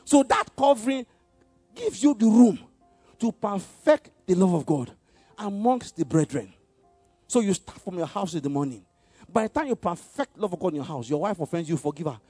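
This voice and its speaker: A man preaching a sermon in call-and-response style, having the congregation repeat lines, shifting between loud exhortation and quiet asides with frequent chuckles. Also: high-pitched, lively intonation, normal speed, husky, no echo, faint music behind.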